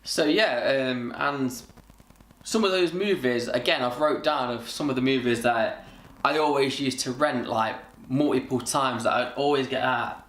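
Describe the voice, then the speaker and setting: A man's voice: mid-range voice, a little slow, fairly bright tone. A man in his thirties chatting casually and rambling with many fillers as he reminisces in a vlog. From Britain. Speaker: vlogger. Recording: echoey room.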